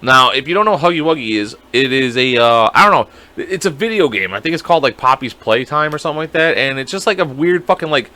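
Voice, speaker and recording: Young guy on a podcast, bright voice, swings up and down a lot, cussing and doing voices. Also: mid-range voice, quick pace, few pauses. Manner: animated, swears a lot, acts out voices. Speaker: podcast co-host. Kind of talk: casual chat.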